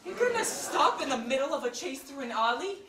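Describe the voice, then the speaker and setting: A woman's voice: high voice, sing-song, a little fast, crowd noise. A woman playing an anxious, tearful middle-aged wife on stage, who pleads with her husband. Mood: nagging. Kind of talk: stage play acting. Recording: echoey stage from far off.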